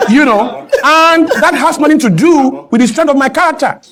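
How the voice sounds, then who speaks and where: Emphatic high-voiced Nigerian man. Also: lively intonation, fairly quick, hardly any pauses, fairly bright tone, a faint crowd. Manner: emphatic, rhetorical, mimics broken English with laughs. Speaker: guest speaker. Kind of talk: impassioned talk-show speech. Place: television studio with a clapping audience.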